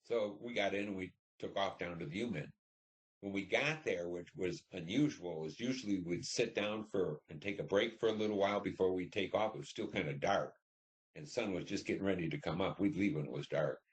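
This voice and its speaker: An older man in his seventies with a deep, low-pitched voice tells his own war memories. His talk is blunt and salted with profanity. He rambles and restarts his sentences as the story comes back to him. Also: brisk. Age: 70s. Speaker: veteran recounting war service. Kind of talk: oral history storytelling.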